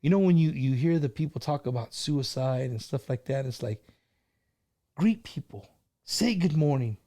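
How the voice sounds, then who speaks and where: A man's voice: medium pitch, animated, normal speed, warm tone. A middle-aged man hosting a casual live stream, chatting and telling stories in an easygoing way, with plenty of "you know" and "man".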